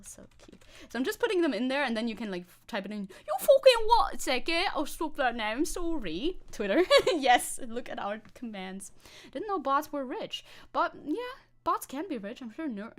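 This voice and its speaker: A woman streamer chatting casually with her viewers, rambling and laughing often as she types. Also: medium pitch. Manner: rambling, giggly, talks to chat while typing. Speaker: VTuber streamer. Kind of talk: casual live-stream chat.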